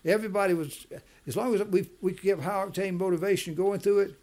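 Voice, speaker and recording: A man's voice: high-pitched, a little fast, darkish tone. A man speaking as a business leader in an interview, emphatic, often repeating and restarting his words. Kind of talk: conversational interview.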